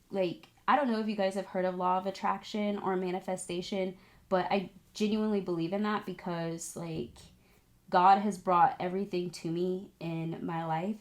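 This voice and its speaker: A young woman talks straight to her viewers, telling a story in a loose, chatty way with plenty of filler words. Her voice leaps up high at the exciting parts, and she sometimes sounds close to tears. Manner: animated, emotional, chatty with many "like"s. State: tearful at times. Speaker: vlogger, esthetics student. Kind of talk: casual storytelling to camera.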